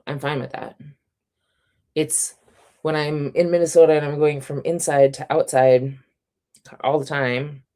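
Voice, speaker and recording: Chatty woman host on a reading stream, low warm voice, kinda scratchy and sore. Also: steady tone, unhurried, pauses often. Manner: chatty, reads out chat comments, laughs often. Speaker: reading sprint livestream host. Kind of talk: casual livestream chat.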